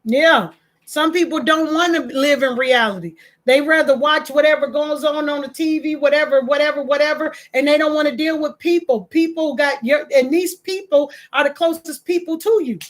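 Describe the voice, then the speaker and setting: Emphatic high-voiced woman host. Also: normal speed. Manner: passionate, emphatic, rising in pitch when outraged. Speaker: online talk show host. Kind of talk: casual commentary to viewers.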